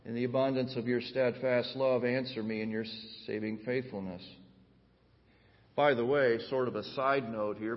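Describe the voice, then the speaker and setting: A man preaching a sermon, explaining Bible passages and reading scripture aloud with rising intensity. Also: mid-range voice. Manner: swells to loud intense emphasis when reading scripture aloud. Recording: dull sound with long hall reverb.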